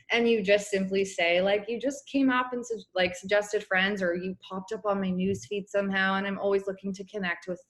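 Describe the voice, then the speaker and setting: A young woman coaching her business team on a casual video call, chatty and encouraging, clearing her throat as her voice wears out. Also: medium pitch. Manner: chatty, encouraging, many fillers. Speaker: network marketing coach.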